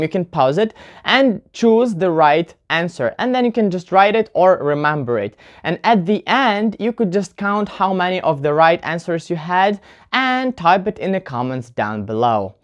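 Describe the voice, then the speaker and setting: Woman, pronunciation teacher, low voice, casual video lesson, chatty, stresses words aloud as examples. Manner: chatty, often addresses viewers as "guys"; explains slowly, demonstrating word stress aloud.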